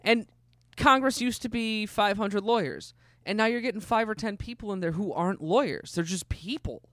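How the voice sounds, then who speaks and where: A man's voice: high-pitched, normal speed, a bit bright, dry recording, clean studio sound. A young man co-hosting a podcast in casual chat, joking and sarcastic, laughing often. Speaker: podcast co-host. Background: faint guitar playing.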